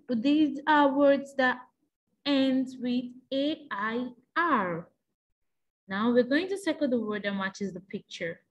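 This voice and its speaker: Woman teacher, revision lesson for kids, slow pace, sing-song lilt, fairly high voice. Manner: slow, patient, sing-song prompting questions. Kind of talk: exam revision lesson for young pupils.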